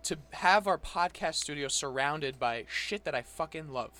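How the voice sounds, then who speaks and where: A young man with a slightly raised pitch chats on a podcast recorded in a home studio. He sounds excitable and swears casually as he talks. The talk is loose and unscripted. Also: moderate pace. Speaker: podcast co-host.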